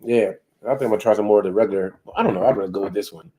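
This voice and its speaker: A man's voice: fairly low pitch, very fast, dark tone. A man hosting a casual live stream, rambling loosely and laughing at himself. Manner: self-deprecating. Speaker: host.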